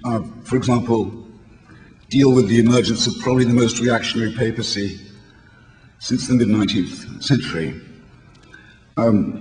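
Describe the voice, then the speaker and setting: Hoarse older British man speaking in a hall. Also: mid-range voice, a little mellow. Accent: British English. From England. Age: 60s. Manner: wry, eloquent and polemical, with halting restarts. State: hoarse, failing voice. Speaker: speaker addressing a convention. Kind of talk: public speech. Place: large hall before an audience. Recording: reverberant hall with faint background noise.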